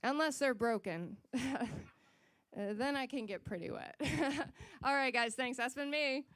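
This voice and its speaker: Slow deadpan woman comic. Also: sits high, no echo. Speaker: stand-up comedian. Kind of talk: stand-up comedy set. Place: small comedy club stage.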